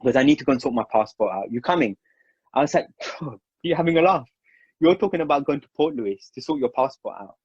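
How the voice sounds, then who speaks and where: Man telling a lively story. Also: medium pitch, fast, breathy edge, no echo. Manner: animated, acts out quoted dialogue. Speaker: storyteller recounting memories. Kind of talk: casual storytelling. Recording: dry, slightly dull recording.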